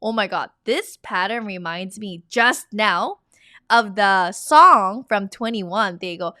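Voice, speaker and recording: A woman's voice: medium pitch, expressive, takes it slowly, sharp tone, no room sound, clean studio sound. A woman teaching a lesson online, upbeat and chatty, repeating each new word for learners to say along. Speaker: Korean language teacher.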